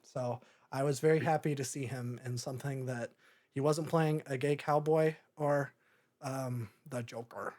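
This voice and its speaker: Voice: medium pitch, fairly even intonation, measured pace, a little mellow. A podcast host talking through a movie in a casual, rambling way, often breaking into laughter. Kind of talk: casual movie review chat.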